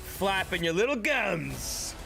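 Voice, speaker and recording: Dude ranting on his stream, lots of cussing, slow drawn-out talk, jumpy pitch, some music low in the back. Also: sing-song, vocal fry, bright, forceful tone. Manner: heated, swearing, mocking, laughs often. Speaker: live streamer. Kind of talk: profane rant at live chat.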